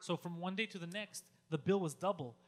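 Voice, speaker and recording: A man's voice: high voice, a little fast. A man co-hosting a podcast, retelling a friend's story with crude humor and swearing. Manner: retells stories with acted quotes, swearing. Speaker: podcast co-host. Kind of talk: casual comedic storytelling.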